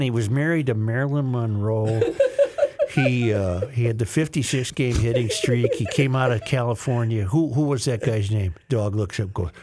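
A man hosting a casual radio talk show, telling a long joke with acted-out lines and asking brisk questions. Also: mid-range voice, a little mellow, a little hiss or hum. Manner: tells jokes with acted dialogue, brisk questions. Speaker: radio host. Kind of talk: casual chat.

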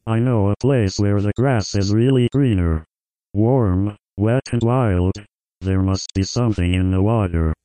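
A stiff, low-resolution male computer voice recites lines with flat, awkward robotic delivery. It sounds smooth and crisp, with a dry close sound and no room around it. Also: measured pace, no echo, low-quality recording. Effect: text-to-speech. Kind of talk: reading song lyrics aloud.

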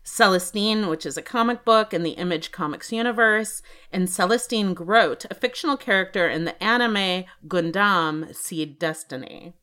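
A woman co-hosting a podcast in casual chat, reading facts off in a plain, steady list. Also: fairly low pitch, moderate pace, hardly any pauses. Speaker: podcast co-host.

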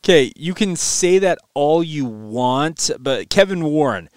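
A man co-hosting a sports podcast, talking in a measured, analytical way during casual chat. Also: fairly high pitch, expressive, a little mellow, smooth, dry recording. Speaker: podcast co-host.

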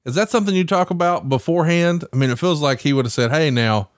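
A man's voice: on the high side, animated, fast talker, no room sound, studio quality. A man co-hosting a podcast who asks questions and teases his guest in a chatty way. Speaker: podcast co-host, interviewer. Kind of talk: casual interview chat.

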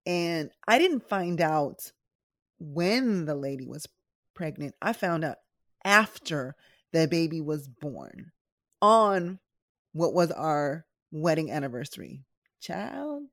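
A woman's voice: sits low, animated, slow, a bit bright, dry recording, clean studio sound. A middle-aged woman hosting a podcast, talking candidly and directly to her listeners in a chatty personal style. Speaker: podcast host and nurse.

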